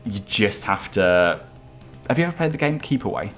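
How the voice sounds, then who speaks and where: A man's voice: lowish voice, very animated, normal speed, soft background music. A man playing a tabletop game, eager and chatty, hesitating with fillers as he plans his moves. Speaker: player. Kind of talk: casual tabletop game play.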